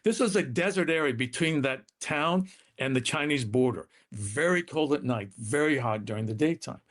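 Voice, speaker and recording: A man's voice: expressive, moderate pace, fairly bright tone. A man telling his family's story as an interview guest, earnest and dramatic, his voice rising and falling. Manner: earnest, dramatic retelling with shifting pitch.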